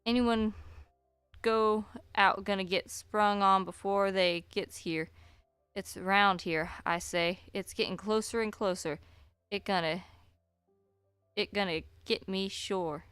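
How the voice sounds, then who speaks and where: A woman's voice: medium pitch, steady tone, takes it slowly, a bit bright, smooth, dry recording, faint music behind. A woman voicing a fearful old woman who frets and groans, in a Southern US drawl. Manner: moaning, fretful.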